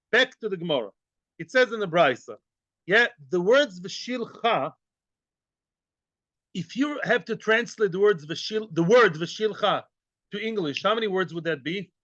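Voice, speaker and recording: A man's voice: high voice, sharp tone, no echo, lo-fi sound. A man teaching a Talmud class, joking and quizzing his students with questions as he goes.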